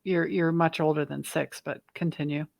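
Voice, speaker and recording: A woman's voice: low-pitched, fairly even intonation, normal speed, gravelly, darkish tone, no room sound. A woman hosting an interview, reacting and chatting with frequent fillers. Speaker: podcast host. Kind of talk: conversational interview.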